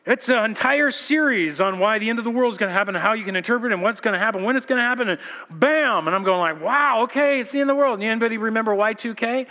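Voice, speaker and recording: A pastor preaching to his church, his bright, forceful voice carrying a long echo through the sanctuary. He tells stories with animation and slips into other people's voices as he goes. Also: high voice, quick pace. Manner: animated storytelling, acts out voices. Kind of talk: sermon.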